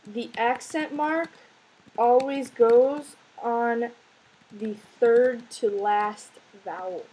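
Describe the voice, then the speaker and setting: Slow, patient woman teacher explaining grammar. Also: fairly high pitch, a little mellow, husky, rough recording. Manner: slow, patient explaining with frequent "right?" checks. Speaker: Spanish teacher. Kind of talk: recorded classroom lesson.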